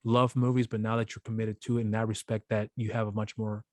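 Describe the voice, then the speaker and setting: A man's voice: fairly low pitch, flat delivery, fast talker, dry recording. A man hosting a casual interview podcast, asking long rambling questions with restarts. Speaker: podcast host.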